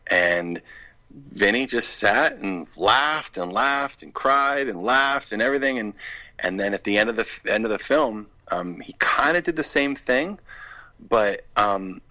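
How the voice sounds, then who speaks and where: A man's voice: on the low side, expressive, unhurried, pushed and bright, poor audio. A man, a film director telling a story in a casual interview and acting out the quoted dialogue.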